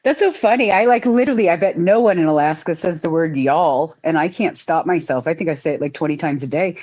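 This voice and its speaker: Low-voiced woman chatting. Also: fast, a little mellow, highs cut off. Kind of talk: casual chat.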